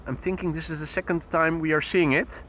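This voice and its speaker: A man's voice: a little high, steady tone, brisk, fairly bright tone, a little hiss or hum. A man hosting a live plane-spotting stream, reading out flight details with wry, joking asides from outdoors by an airport runway. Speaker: plane-spotting livestream host. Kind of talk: live aviation commentary.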